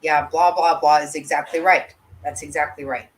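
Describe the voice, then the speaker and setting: A woman's voice: deep voice, steady tone, normal speed, poor audio. Blunt, cursing woman livestreamer. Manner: blunt, indignant, swears freely. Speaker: livestream host reading chat. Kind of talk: casual livestream commentary.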